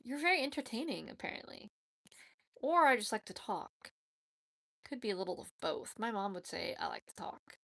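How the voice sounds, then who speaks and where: A woman's voice: mid-range voice, big pitch swings, normal speed, vocal fry, fairly bright tone, no room sound. A woman hosting her own channel in a casual livestream chat, chatty and giggly, teasing herself as she talks. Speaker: YouTube channel host.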